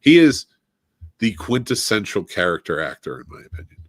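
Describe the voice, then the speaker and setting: A man's voice: lowish voice, very animated, brisk, no echo, studio quality. A man co-hosting a film podcast in casual chat, enthusiastic and stopping often for "uh". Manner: enthusiastic, listy, many "uh" fillers. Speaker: podcast co-host.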